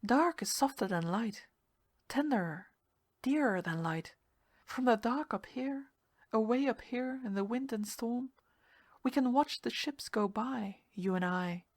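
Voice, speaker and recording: A woman voicing a seductive drowned ghost woman who speaks low and slow with a soft, pitying laugh. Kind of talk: storybook reading.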